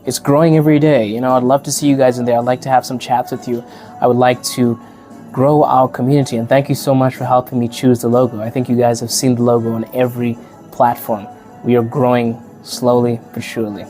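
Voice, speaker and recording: A man's voice: medium pitch, flat delivery, a little fast, mellow, faint music behind. A man from Africa who hosts a podcast, chatting casually to the camera, laughing often and acting out the people he quotes. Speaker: podcast host and teacher.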